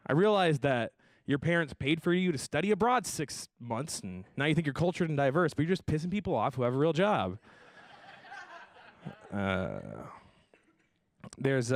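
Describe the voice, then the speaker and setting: Young man, stand-up comedy host, deadpan jokes, animated pitch jumps, dry close sound. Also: dry recording. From Tucson, Arizona area. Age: young adult. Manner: deadpan self-deprecating jokes, lively voiced impressions. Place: comedy stage before a live audience.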